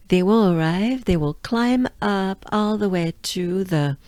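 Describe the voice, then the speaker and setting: A French-accented woman from France giving a pronunciation lesson, drawing out and repeating sounds slowly. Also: lowish voice, mellow, no echo, clean studio sound. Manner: slow, drawn-out repetition of sounds. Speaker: pronunciation coach.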